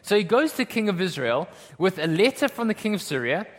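High-voiced man preaching in a hall. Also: very animated, brisk. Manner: conversational, checks in with "okay?" and "right?". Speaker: pastor. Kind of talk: sermon. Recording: long hall reverb.

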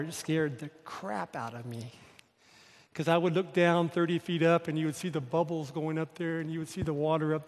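Male preacher with a high voice, emphatic and repetitive, heard in a reverberant hall. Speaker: pastor. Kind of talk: sermon.

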